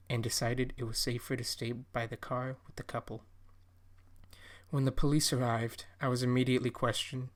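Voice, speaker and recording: A man narrating a horror story in a measured, steady storytelling delivery. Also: medium pitch.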